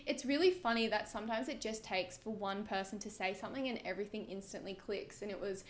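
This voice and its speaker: A woman's voice: mid-range voice, quick pace, a little hiss or hum. A young Australian woman in her twenties, a comedy creator chatting casually as a podcast guest, peppering her talk with fillers and swearing.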